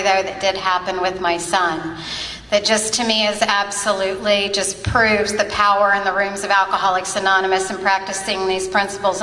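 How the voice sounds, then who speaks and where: A woman's voice: mid-range voice, fairly bright tone, recorded from a distance. A woman in her forties, originally from Ohio, giving a heartfelt personal testimony as a convention speaker at a podium microphone. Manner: earnest, emotional storytelling. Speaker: twelve-step convention speaker. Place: large convention hall. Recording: echoey convention hall.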